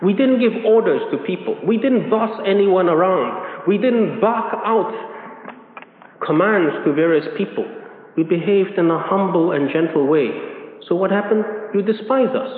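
High-pitched preacher in an echoing hall. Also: male voice, lively intonation, moderate pace. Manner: emphatic, repeats key phrases with rising pitch. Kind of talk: sermon. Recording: echoey hall on a tinny lo-fi line.

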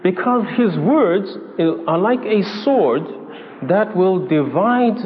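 A man preaching a sermon, deliberate and repetitive, now and then acting out quoted speech. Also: on the high side, slight background noise. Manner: deliberate, repeats phrases, voices mock quotes. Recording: tinny phone-like sound in a reverberant hall.

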